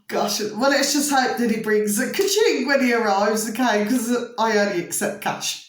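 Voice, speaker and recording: A woman's voice: a little high, lively intonation, moderate pace, hardly any pauses. Chatty woman in an echoey room. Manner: chatty, emphatic, repeats pet phrases, breaks into giggles. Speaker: vlogger. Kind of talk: rambling casual monologue to camera.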